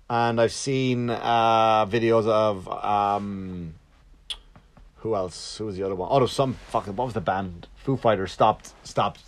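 A male stand-up comedian rambles through a story in a casual, profane way. He stops often for asides and corrects himself mid-sentence, and his voice sits on the low side. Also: fairly even intonation, unhurried.

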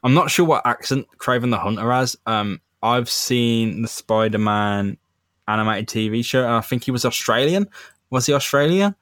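A young man co-hosting a podcast in casual, excitable chat full of jokes and swearing. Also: medium pitch, normal speed, no room sound, studio quality. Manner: excitable, joking, heavy swearing. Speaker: podcast co-host.

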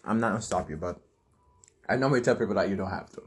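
A man's voice: fairly low pitch, animated, racing, breathy edge. A young man chatting casually and bluntly, trading opinions and laughing easily. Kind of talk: casual chat.

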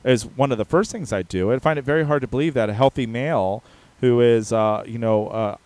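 Male podcast co-host: blunt, chatty, fills gaps with "uh", average pitch, dry recording. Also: brisk, darkish tone, dry recording. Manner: frank and blunt, rambling with many fillers. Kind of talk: casual chat.

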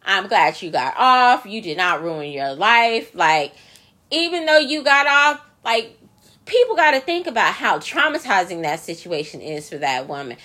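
A woman's voice: medium pitch, big pitch swings, unhurried, bright, forceful tone. A woman hosting her own podcast, delivering a profane, incredulous solo rant full of emphatic repetition. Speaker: podcast host.

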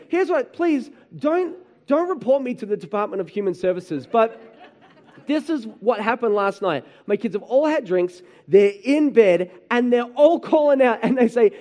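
A man preaching a sermon, telling animated stories about his children and often asking the room "right?". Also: very high-pitched, moderate pace. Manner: animated storytelling, acts out his kids and himself, frequent "right?". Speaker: pastor.

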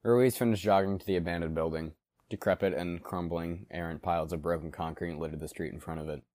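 A man with a deep, low voice reads a story aloud. He shifts into the characters' lines as they come up. The sound is dry and close to the mic. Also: steady tone, fast talker, dry recording. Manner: acts out characters in dialogue, shouting and growling. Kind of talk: reading a fan story aloud, voicing characters.

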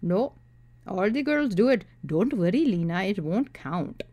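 A woman voicing a manipulative young man who talks in a flat, entitled, coaxing way. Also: high voice, unhurried.

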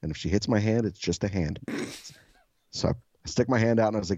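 A self-described soft-spoken man, a podcast co-host, telling a story casually, swearing freely and laughing often. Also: on the low side, fast talker, dry recording, lo-fi sound.

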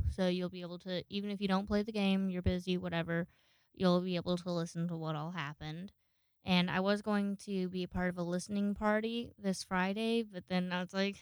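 Woman, podcast host, casual solo chat, rambling, swears a lot, smooth clear voice, dry close sound. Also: lowish voice, dry recording. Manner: rambling, swears freely, acts out quoted people.

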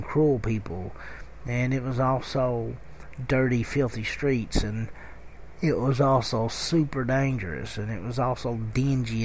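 Kentucky guy, middle-aged, gravelly voice, chatty rambling podcast story, lots of ums. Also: mid-range voice, a little hiss or hum. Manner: rambling, conversational, with many fillers and restarts. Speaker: podcast host. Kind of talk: casual storytelling monologue.

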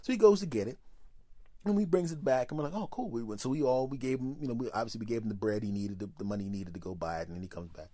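A man hosting a podcast, telling a story as a comedic monologue, animated and profane, acting out the people in his stories. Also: mid-range voice, racing, no echo. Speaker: podcast host.

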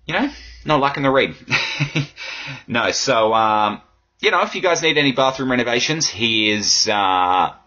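A man's voice: on the low side, bright, forceful tone, slightly rough, highs cut off. A man hosting a casual solo podcast, rambling and swearing freely and poking fun at himself. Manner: rambling, sweary, self-mocking. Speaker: podcast host. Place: home room in a swivel chair.

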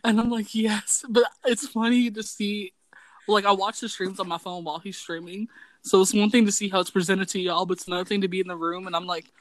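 A young woman co-hosting a casual chat podcast, telling stories with frequent laughter. Her voice sits at a middling pitch and sounds dry and close. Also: fairly quick, dry recording. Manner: laughing often, animated storytelling. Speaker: podcast co-host.

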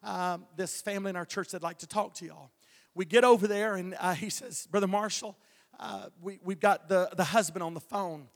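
A man's voice: sits high, moderate pace, creaky. A male evangelist telling a testimony from the pulpit, folksy, with stammering restarts and chuckles. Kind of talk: preaching a testimony. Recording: long hall reverb.

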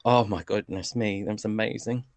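A man's voice: lowish voice, steady tone, moderate pace, darkish tone, no echo. Rambling man reviewing songs, dry sound. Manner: rambling, digressive, many fillers. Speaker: song review panelist. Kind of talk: casual review chat.

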